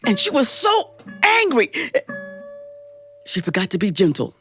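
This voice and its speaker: A woman's voice: mid-range voice, wildly swooping pitch, a little slow, a bit bright, faint music behind. A woman storyteller telling a fairy tale in a playful, dramatic way, talking straight to her audience. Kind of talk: animated live storytelling. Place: live studio performance.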